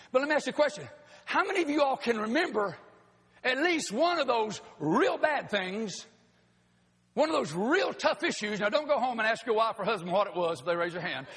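A pastor preaching a sermon in a church, folksy and joking with the congregation. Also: male voice, high-pitched, fairly bright tone, breathy edge. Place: church sanctuary. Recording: long hall reverb.

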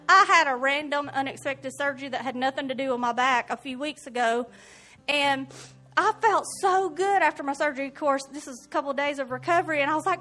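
A woman sharing an emotional, earnest church testimony in an animated storytelling way. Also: high voice. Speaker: church member giving testimony. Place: church service.

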